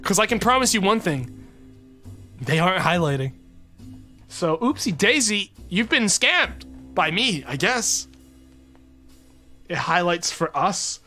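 A game streamer talking casually to viewers between bits of play, full of rambling jokes and asides. The voice is bright, with faint game music playing behind. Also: medium pitch, big pitch swings, a little slow, pauses often. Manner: joking, rambling asides to chat. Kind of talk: casual live-stream chat.

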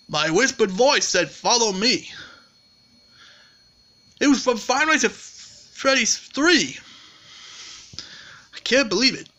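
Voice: medium pitch, bright, forceful tone. Someone playing a boastful purple animatronic bear. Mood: earnest. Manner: rambling, earnest storyteller. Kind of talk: fan-made story acting.

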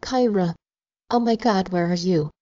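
A woman's voice: lowish voice, unhurried, warm tone, dry recording, close to an everyday voice. A woman voicing a worried young man in an audiobook, speaking urgently and in disbelief. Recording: slightly dull, dry recording.

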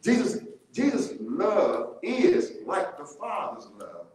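Animated high-voiced man teaching in an echoey church. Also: slow. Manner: animated, laughing often, repeating key words. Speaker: Bible study teacher. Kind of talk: church Bible study teaching. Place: church room.

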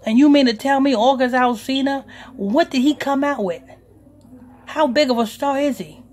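A man's voice: very high voice, moderate pace, darkish tone. A man hosting a talk radio show as pastor, ranting emphatically with profanity.

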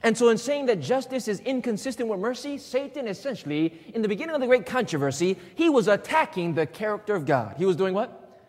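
High-voiced preacher in an echoing hall. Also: male voice, big pitch swings, fast talker, darkish tone. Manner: call-and-response, asks the congregation questions; emphatic, repeating key phrases. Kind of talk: sermon. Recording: long hall reverb.

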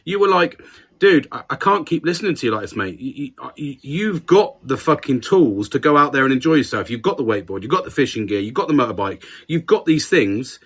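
A man's voice: medium pitch, sing-song, brisk, slightly rough. A man co-hosting a podcast, talking candidly and swearing in casual banter. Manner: sweary, candid, self-deprecating. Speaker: podcast co-host.

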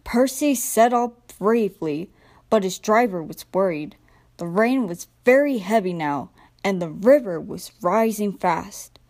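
A young woman narrating a children's train storybook in a gentle, expressive read-aloud manner. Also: medium pitch, measured pace. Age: young adult. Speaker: storybook reader.

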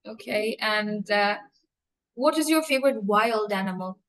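A woman's voice: mid-range voice, expressive, measured pace, a bit bright, low-quality recording. A woman teacher running a mock English speaking test, asking questions patiently, repeating and spelling them out and often laughing. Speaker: English teacher acting as examiner.

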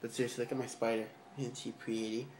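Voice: medium pitch, level tone, fast, darkish tone, slight background noise. A vlogger talking casually and offhandedly while filming their bedroom, rambling and goofy, on a handheld camera. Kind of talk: casual rambling home video.

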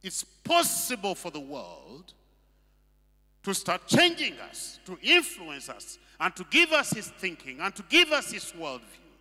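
A man's voice: sits high, wildly swooping pitch, unhurried, bright, forceful tone. A male pastor preaching a sermon, emphatic and full of rhetorical questions. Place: church hall. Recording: long reverb of a hall.

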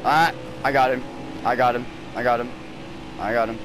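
A man at home snaps profanity-laden trash talk at online racing opponents, heated and ranting to his teammates. His voice sits at an ordinary pitch, picked up by a headset. Air-conditioning hum and noise run under the recording. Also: steady tone, normal speed. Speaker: gamer streaming online racing. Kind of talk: angry gaming trash talk.

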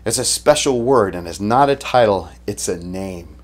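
Male pastor, lowish voice, conversational sermon, casual retelling, frequent restarts. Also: lively intonation, moderate pace.

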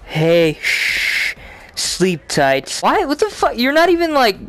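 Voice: mid-range voice, wildly swooping pitch, takes it slowly, fairly bright tone. A gamer giving casual commentary over a virtual reality game, trash-talking the opponents playfully, swearing a lot and giggling. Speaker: gamer playing a VR brawling game.

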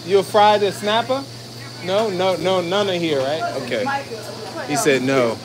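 Speaking a little slowly in a high voice, the food vlogger chats with viewers, addressing them again and again as "y'all." He's filming at a fish market and next to his truck, with crowd noise and loud street and vehicle sounds around him.

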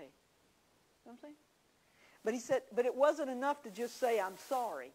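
A woman's voice: a little high, low-quality recording. A woman teaching a church class, telling homey stories with confiding asides. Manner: folksy storytelling, confiding asides.

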